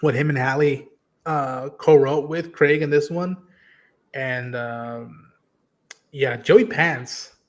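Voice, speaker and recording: A man co-hosting a podcast, chatting excitedly and swearing a lot while acting out lines. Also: medium pitch, takes it slowly. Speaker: podcast co-host. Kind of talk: casual chat. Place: home studio.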